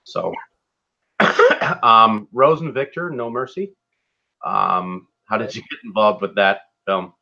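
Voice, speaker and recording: Halting man interviewer, lots of uhs. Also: on the low side, gravelly, bright, forceful tone. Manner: halting, many fillers. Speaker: interviewer host. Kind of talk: casual interview questions. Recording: dull lo-fi mic.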